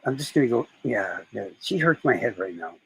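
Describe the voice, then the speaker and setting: A man's voice: medium pitch, expressive, brisk, fairly bright tone, husky, no echo, poor audio. A man chatting casually on a live stream, rambling and swearing as he tells stories. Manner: rambling, profane storytelling.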